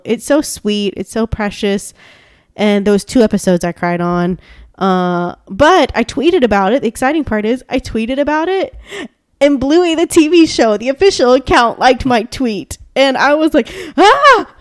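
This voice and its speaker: A woman's voice: on the high side, animated, measured pace, clean tone, no room sound, clean studio sound. A woman co-hosting a podcast in casual chat, gushing and rambling with lots of fillers. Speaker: podcast co-host.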